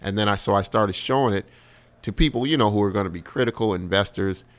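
Animated New comedian, low voice. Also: male voice, quick pace. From New York. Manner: animated storyteller, swears freely, acts out quotes. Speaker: comedian guest. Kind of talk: casual podcast chat.

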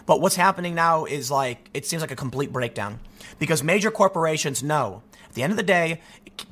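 A young adult man from the United States hosting his own channel, ranting in solo commentary, animated and restless, often restarting his sentences. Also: a little high.

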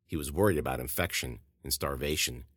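A man narrating his own horror story in a measured, steady way as a podcast host. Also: rumbling low, no echo, studio quality.

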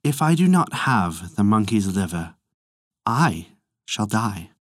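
A man's voice: on the low side, very animated, slow pace, dry recording, heavily acted. A frail, sickly young dragon queen, as a male storyteller voices her, weak and mournful in tone. She speaks in a storybook manner, recorded close and dry.

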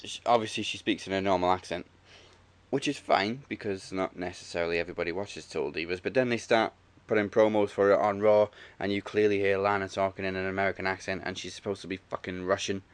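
A man's voice: deep voice, steady tone, fast, smooth, no room sound. A man co-hosting a casual wrestling chat, laid-back and dry, chuckling along. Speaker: podcast co-host.

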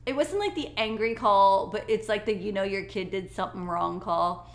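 A woman telling family stories in a lively, animated way during a casual podcast chat, laughing easily. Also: mid-range voice, normal speed, roomy sound. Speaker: co-host, mother.

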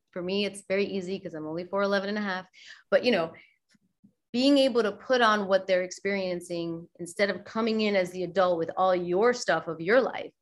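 A middle-aged woman yoga teacher, talking as a guest in a relaxed interview, lively and quick to act out the voices she quotes. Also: mid-range voice. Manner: animated, acts out quoted voices. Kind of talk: casual interview chat.

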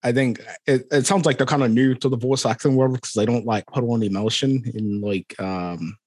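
A young man in his twenties, from Scotland, with a Scottish accent. He chats as an interview guest in an easygoing way. His voice sits at a middle pitch and is recorded dry and close. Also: fairly even intonation, normal speed, a little mellow, no echo. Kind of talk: casual interview chat.

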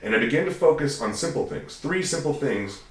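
A man being interviewed, telling long stories in a casual way and acting out conversations with bursts of loud energy. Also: mid-range voice, fairly quick, recorded from a distance. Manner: animated storyteller, acts out dialogue loudly. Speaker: guest. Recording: echoey room, a bit off-mic, faint ambience.

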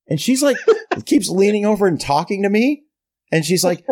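A podcast co-host, a middle-aged man whose voice sits high, talks at a normal speed through an extended humorous story. It's a casual rant delivered with energy, and he bounces into exaggerated impressions for each quoted line.

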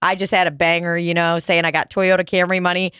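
A woman's voice: lowish voice, little pitch movement, fast, fairly bright tone, smooth, no echo, studio quality. A young woman telling a story in casual podcast chat, joking and swearing freely. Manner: profane, jokey storyteller.

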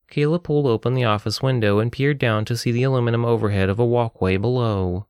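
A man narrating an audiobook story in a steady, even storytelling delivery. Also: mid-range voice, no echo, clean studio sound. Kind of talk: scripted narration.

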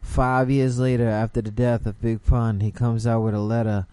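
A young man from the Bronx, New York, hosts a casual late-night show, rambling loosely and repeatedly asking "you know what I'm saying." His voice is medium in pitch and level in tone at a moderate pace, with background noise present.

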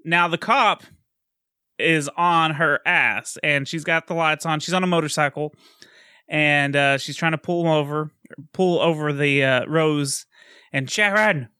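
A man casually retelling a film plot in chat, animated and quick to laugh. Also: a little high, clean tone, no echo, clean studio sound. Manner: animated storytelling, laughs often. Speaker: podcast co-host recapping a film.

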